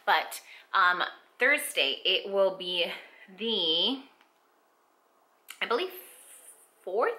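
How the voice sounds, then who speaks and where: A woman's voice: mid-range voice, animated, extremely slow, long pauses, sharp tone. A young woman chatting casually in a vlog, rambling with many fillers and often getting tearful and emotional. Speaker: vlogger. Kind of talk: casual pregnancy update vlog.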